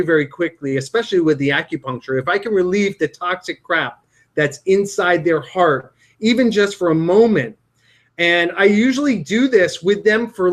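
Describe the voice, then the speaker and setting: A middle-aged man, an acupuncturist, earnestly explaining a healing mantra and leading a guided meditation with slow sing-song chanting. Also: sits high, a bit bright.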